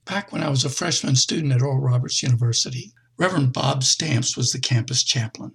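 A middle-aged man preaching a conversational sermon, with expressive jumps in pitch. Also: brisk, creaky, breathy edge.

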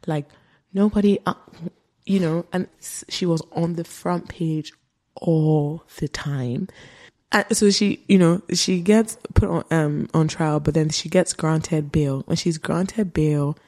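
A woman host retelling a true-crime story in casual chat, animated, with asides. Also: low-pitched, slow pace. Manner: animated, with quoted voices and asides. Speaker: podcast host.

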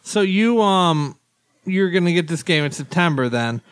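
Laid back podcast dude, lots of ums, kinda high voice. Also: male voice, expressive, normal speed, clear, resonant tone. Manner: easygoing, hesitant with fillers. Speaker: podcast co-host. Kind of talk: casual chat.

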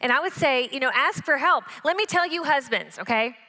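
A woman's voice: high voice, animated, brisk, bright, forceful tone. A woman speaking as a guest on a church stage, talking frankly and encouragingly to the audience about marriage. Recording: echoey church hall.

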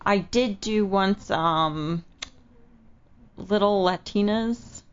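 A woman's voice: mid-range voice, extremely slow, smooth. Blunt, joking woman guest. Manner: blunt, joking, laughs often. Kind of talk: casual interview chat. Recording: dull lo-fi radio audio.

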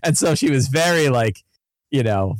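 Man telling game stories in animated chat. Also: medium pitch, normal speed, no echo, clean studio sound. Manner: animated storytelling. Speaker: game master and podcast co-host. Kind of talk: casual chat.

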